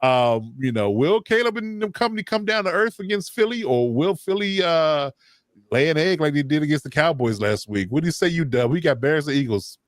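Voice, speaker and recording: A man hosting a casual sports podcast, relaxed and filler-heavy, who lifts his voice when he moves things on. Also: on the high side, fairly quick, dry recording, studio quality. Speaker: host.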